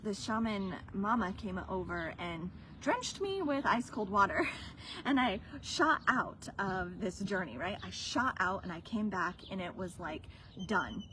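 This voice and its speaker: A woman's voice: medium pitch, very animated, unhurried, fairly bright tone, slight background noise, rough recording. A woman and business coach telling a personal story on a livestream, earnest and emotional, sometimes dropping to a whisper.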